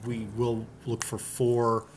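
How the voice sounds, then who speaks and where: A man narrating a tabletop game as game master, halting and searching for his words. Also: mid-range voice, completely flat delivery, slight background noise.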